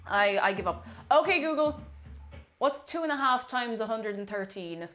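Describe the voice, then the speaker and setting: A woman's voice: on the high side, lively intonation, normal speed, fairly bright tone. An Irish woman streaming live as she bakes in her home kitchen, chatting casually, repeating herself and greeting viewers by name. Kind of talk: casual live-stream chat while baking. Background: faint music played from her phone.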